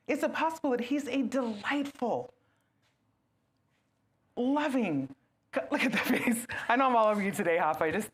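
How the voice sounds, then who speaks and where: A woman gives an animated talk to a gathered audience, her pitch leaping and falling as she acts out small scenes. She keeps turning to the listeners with questions. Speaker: guest speaker. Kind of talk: lively talk to a live audience.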